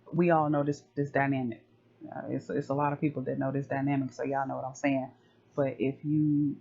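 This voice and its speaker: A man's voice: on the high side, darkish tone. A man who coaches on relationships, giving casual advice in loose slang and acting out family conversations. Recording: slightly dull lo-fi audio.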